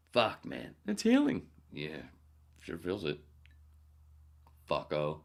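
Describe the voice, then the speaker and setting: A man's voice: low-pitched, wildly swooping pitch, very slow, vocal fry. A man hosting a podcast in a casual, profane, joking ramble, often dropping into muttered whispered asides, while in pain from a sore elbow. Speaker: podcast host.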